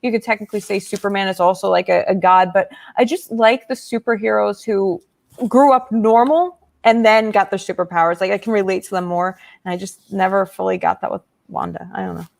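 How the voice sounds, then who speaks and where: A woman's voice: medium pitch, fairly even intonation, a little fast, vocal fry. A woman guest on a podcast, chatting casually and hesitantly with many fillers and restarts. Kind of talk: casual chat.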